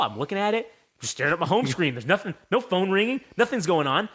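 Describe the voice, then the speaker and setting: A man's voice: high voice, sing-song, quick pace, a bit bright, husky. A man telling a rambling, profane story as a podcast co-host. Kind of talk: casual storytelling.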